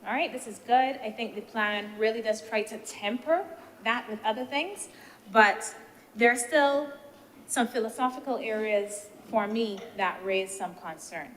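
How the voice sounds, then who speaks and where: A woman senator giving a measured, deliberative speech in a senate debate, posing rhetorical questions as she weighs the points. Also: a little high, a bit bright. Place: senate chamber. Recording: reverberant chamber with faint background noise.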